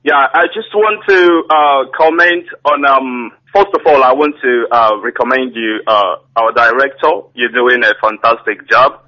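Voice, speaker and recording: A man's voice: medium pitch, unhurried, hardly any pauses. A man calling in to a radio show, speaking hesitantly with many fillers. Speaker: caller. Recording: muffled phone-in audio.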